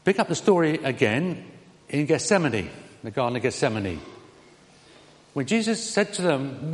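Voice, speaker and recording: A man preaching a sermon in a conversational way, with his voice lifting on questions and dropping soft on tender lines. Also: mid-range voice, sing-song, moderate pace. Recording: reverberant hall.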